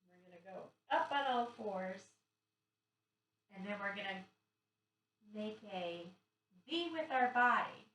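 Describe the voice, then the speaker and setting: A middle-aged woman, a pre-k teacher, gently guiding young children through yoga poses on video in an encouraging, sing-song way. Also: medium pitch, lively intonation, takes it slowly, long pauses. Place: home room recorded on camera. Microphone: camera mic from a distance. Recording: echoey room, far from the mic.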